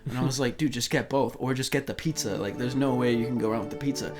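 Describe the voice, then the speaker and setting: A man's voice: medium pitch, steady tone, fast talker, music in the background. A young man co-hosting a podcast, rambling casually and laughing often. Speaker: podcast co-host. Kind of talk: casual chat.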